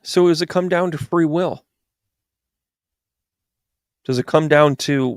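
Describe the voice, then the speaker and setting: A man's voice: a little high, slow, long pauses, no echo, studio quality. A man giving a rambling, exasperated political commentary monologue with sarcastic asides. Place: New York.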